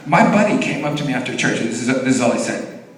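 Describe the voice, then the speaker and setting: A man's voice: medium pitch, fast, slight background noise. A man in his thirties doing a profane stand-up comedy set on stage, telling stories and acting out voices. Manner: animated storytelling, profane, acts out voices. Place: comedy venue stage, live audience. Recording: echoey hall from far off.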